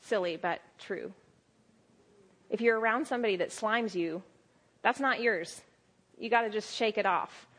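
A young adult woman preaching a sermon, telling stories with lively quoted asides. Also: medium pitch, unhurried, pauses often.

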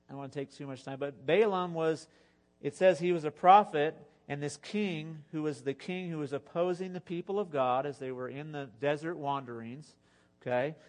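Animated, joking preacher man. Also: on the high side, normal speed. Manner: animated, exhorting, with joking asides. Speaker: pastor. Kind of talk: sermon.

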